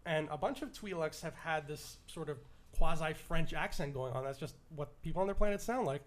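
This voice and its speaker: Enthusiastic Canadian man, higher voice. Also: brisk. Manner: enthusiastic, restarts and stumbles often. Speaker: podcast co-host. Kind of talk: casual podcast chat.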